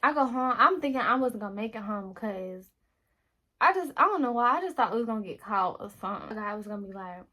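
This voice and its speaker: A young woman tells a personal story in a relaxed vlog chat, her voice sitting a little high. She talks animatedly, restarting sentences and calling out to viewers as she goes. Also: fast, rough recording. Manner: animated testimony, addresses viewers as y'all, many restarts. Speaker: lifestyle vlogger. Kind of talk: casual storytelling while getting ready.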